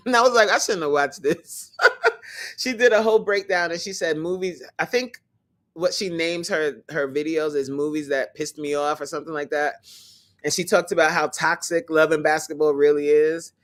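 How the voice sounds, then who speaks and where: A woman hosting a casual livestream chat, animated and teasing, who laughs often and talks straight to her viewers. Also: sits low, moderate pace. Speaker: host.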